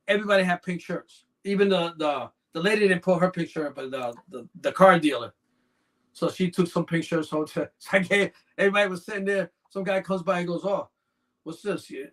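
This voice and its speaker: On a podcast, a snake breeder in a fairly high, somewhat bright voice shares long, rambling stories. His casual chat leans constantly on the filler "you know."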